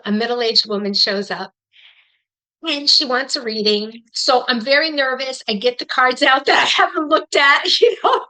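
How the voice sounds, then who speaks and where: A middle-aged woman tells her story to a listening audience at a quick, lively clip. Her voice sits a touch high and rings bright and forward, and she gives each turn of the tale plenty of expression. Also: rough recording. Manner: fast-talking. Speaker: psychic medium giving a talk.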